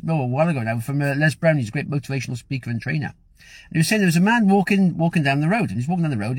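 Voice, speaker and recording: A man talks quickly through a motivational monologue, his voice a touch husky. He speaks as a coach, in a chatty storytelling way, with a pitch slightly above the usual. The sound is dry and close. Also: dry recording. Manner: chatty, storytelling, laughs now and then.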